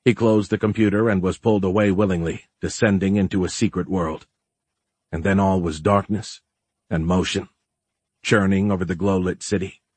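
A man reading a story aloud as narrator, in a measured, even storytelling manner. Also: deep voice, slightly rough, no room sound. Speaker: audiobook narrator. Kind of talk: scripted narration.

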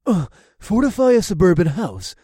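A man's voice: high voice, wildly swooping pitch, quick pace, warm tone, no room sound, clean studio sound, voice pushed up. A man voicing a blunt, skeptical man who scoffs at ideas, in an audiobook. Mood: scoffing. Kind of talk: audiobook character voice.

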